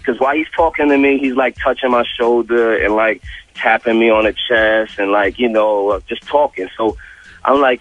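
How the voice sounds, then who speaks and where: A man, a guest on a radio interview, telling a story in an animated way and acting out both sides of the exchange. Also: mid-range voice, normal speed. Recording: dull lo-fi radio audio.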